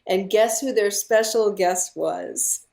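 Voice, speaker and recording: A woman filmmaker, a guest on a podcast, talking in a relaxed, animated way and laughing often. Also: medium pitch, slow pace, creaky. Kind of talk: casual interview chat.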